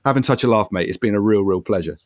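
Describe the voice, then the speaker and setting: A man hosting a podcast interview in a relaxed, chatty way, laughing often and calling his guest mate. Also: lowish voice, quick pace, no room sound, clean studio sound. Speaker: podcast host. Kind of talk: casual interview chat.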